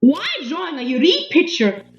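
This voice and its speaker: A woman's voice: high-pitched, wildly swooping pitch, moderate pace. A woman narrating a played clip, reading captions. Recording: echoey, muffled, with music.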